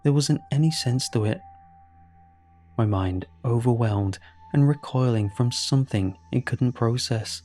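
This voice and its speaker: A man reading a horror story aloud in a measured, grave scripted narration. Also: mid-range voice, warm tone. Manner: slow, measured, grave delivery. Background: faint background music.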